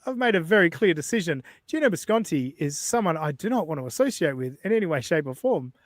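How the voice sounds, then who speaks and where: A man's voice: a little high, sing-song, quick pace, dry recording, studio quality. Blunt, profane male podcast host. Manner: profane, blunt, laughs between jabs. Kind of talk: casual podcast banter.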